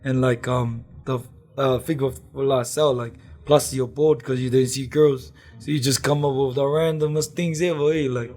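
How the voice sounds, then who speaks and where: A man's voice: mid-range voice, fairly even intonation, normal speed, few pauses, mellow. Laid-back young New Zealand man. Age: young adult. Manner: laid-back, laughing, lots of slang and fillers. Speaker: guest, young businessman. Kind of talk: casual chat.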